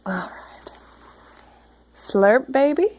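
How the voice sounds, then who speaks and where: A mother at home reading a picture book aloud to her toddler, gently coaxing and prompting the child along. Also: high voice, animated, extremely slow, slight background noise, rough recording.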